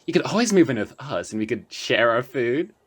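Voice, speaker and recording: A woman voicing an eager male meerkat asking a hippo detective for help in an animated storybook. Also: extremely low pitch, brisk, breathy edge, pitched below the performer's own voice, full character voice. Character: eager young male meerkat bringing a case.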